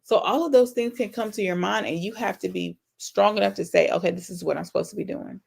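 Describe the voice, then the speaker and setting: Creaky-voiced woman hosting a live Q&A. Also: medium pitch, fast, darkish tone. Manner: earnest, affectionate, faith-filled talk to viewers; reads out viewer comments and answers them. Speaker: YouTube channel host. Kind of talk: casual live-stream Q&A.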